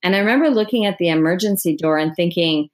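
A middle-aged woman, an author, telling her story in an interview with frequent restarts and soft laughs. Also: fairly low pitch, quick pace. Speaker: author guest.

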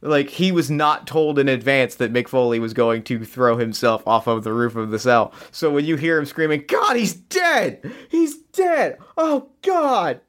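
A man's voice: mid-range voice, moderate pace, few pauses, smooth. A man co-hosting a podcast in casual chat, easygoing and explanatory. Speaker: podcast co-host.

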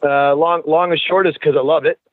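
A man in his forties, rather high for a man, tells stories with lots of swearing and restarts. He comes through a thin line that sounds like a phone, very dry and close. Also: a little fast, no room sound, phone-quality sound. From Canada. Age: 40s. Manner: profane, animated, restarts words. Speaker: podcast guest, wrestler. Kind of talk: casual storytelling chat.

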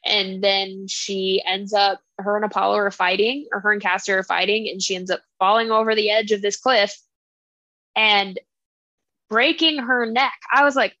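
A woman co-hosting a casual book club podcast, retelling a story in an animated way with lots of fillers. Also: medium pitch, no echo, muffled recording. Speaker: podcast co-host.

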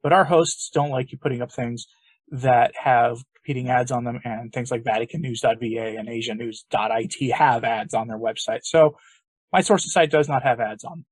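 A man's voice: medium pitch, normal speed, breathy edge, no echo. A man hosting an opinion podcast, talking in an emphatic, sarcastic, argumentative way. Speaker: podcast host.

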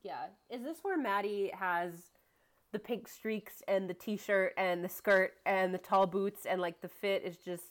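A woman's voice: medium pitch, measured pace. A woman co-hosting a podcast, chatting casually about a TV episode with wry, teasing comments. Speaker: podcast co-host. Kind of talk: casual chat recapping a TV episode.

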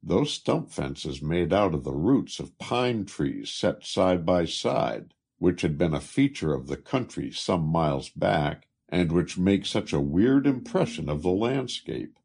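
Slow, husky male audiobook narrator. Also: low-pitched. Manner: unhurried, expressive reading with lifts for quoted speech. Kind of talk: scripted narration.

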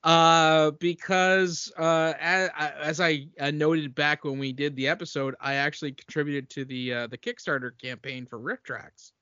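A man hosting a casual podcast, talking in a slightly raised, bright and forceful voice. He rambles and restarts his sentences, laughing easily between thoughts. The recording is dry and dull, with a lo-fi sound. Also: a little high, level tone, moderate pace, few pauses, clear, resonant tone, dry recording. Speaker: podcast host. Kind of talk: casual chat.

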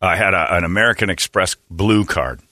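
A man hosting a casual talk show, telling stories with animated swings and mimicking customer service reps. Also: fairly quick, no room sound, clean studio sound. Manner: animated storytelling, mimics phone reps in a low flat voice.

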